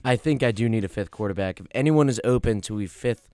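A man's voice: lowish voice, fast talker, darkish tone, no room sound, clean studio sound. A young man co-hosting a casual sports podcast, laid-back and rambling. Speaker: podcast co-host.

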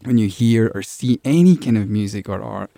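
A man's voice: on the low side, moderate pace, gravelly, dark tone, no room sound. A man being interviewed as a musician, talking casually and rambling, repeating words as he thinks. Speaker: musician guest.

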